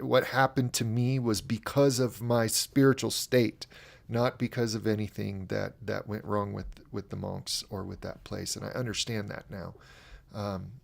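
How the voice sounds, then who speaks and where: Gravelly-voiced man telling a personal story. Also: on the low side. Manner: candid, storytelling with many restarts and fillers. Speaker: broadcast host. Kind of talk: personal testimony on a livestream.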